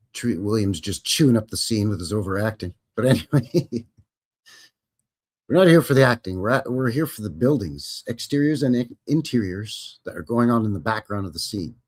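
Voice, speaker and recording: A lowish, husky male voice belongs to a live stream host. He's jokey and chatty, reading viewer comments aloud while casually commenting on film clips.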